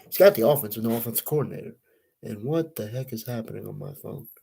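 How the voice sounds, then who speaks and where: A man's voice: fairly low pitch, quick pace, vocal fry, dark tone, slight background noise, low-quality recording. A young man hosting a casual sports podcast, venting in a frustrated, profane, rambling way. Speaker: podcast host.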